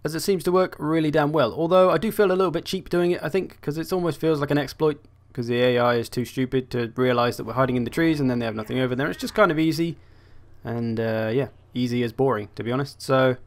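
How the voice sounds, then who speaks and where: Young guy chatting through a strategy game, wry and easygoing, mid pitch. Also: fast talker. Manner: chatty, wry, thinking aloud. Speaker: gaming channel host. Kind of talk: casual strategy game commentary.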